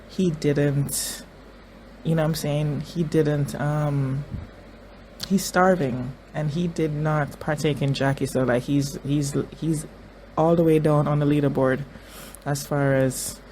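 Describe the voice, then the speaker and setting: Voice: medium pitch, warm tone, a little hiss or hum, rough recording. Tearful TV reaction host, repeating phrases. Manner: emotional, repeats phrases, thinks aloud with many restarts. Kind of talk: emotional TV episode reaction commentary.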